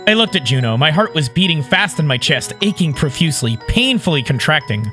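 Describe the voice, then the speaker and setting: A man reading a visual novel aloud, breaking off into excited, yelling reactions. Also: on the high side, a little fast, few pauses, music in the background. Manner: excitable, shrieks and yells reactions.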